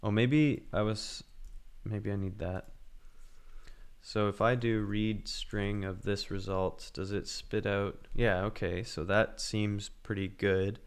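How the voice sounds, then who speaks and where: A man's voice: lowish voice, fairly even intonation, takes it slowly, clean tone. A man livestreaming his programming work, thinking aloud in casual commentary and muttering as he goes.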